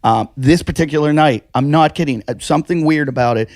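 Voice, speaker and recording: Fields: Sex: man. Role: podcast co-host. Style: animated storytelling. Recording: dry, close mic. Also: fairly high pitch, a little fast, dry recording. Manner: animated, swearing, acts out quotes. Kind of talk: casual chat, storytelling.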